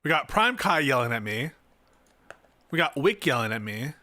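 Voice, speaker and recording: A man's voice: medium pitch, sing-song, normal speed, sharp tone, no room sound. A man hosting a casual reaction stream, making sarcastic jokes and laughing at the clips. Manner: sarcastic, laughing, joking asides. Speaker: streamer host.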